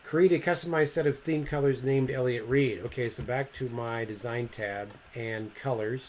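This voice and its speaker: Casual man talking through a software tutorial. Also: medium pitch, fairly even intonation, moderate pace, a little hiss or hum, rough recording. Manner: casual, thinking aloud, self-correcting. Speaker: instructor. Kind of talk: screen-recorded software tutorial.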